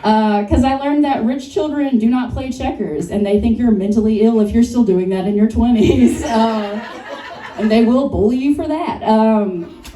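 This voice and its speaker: A young woman doing stand-up in a bar, her mellow, fairly high voice picked up from a distance. Self-deprecating and quick to chuckle at her own lines, the sound is roomy and echoey. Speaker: stand-up comedian and co-host. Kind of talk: stand-up comedy set. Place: comedy bar stage.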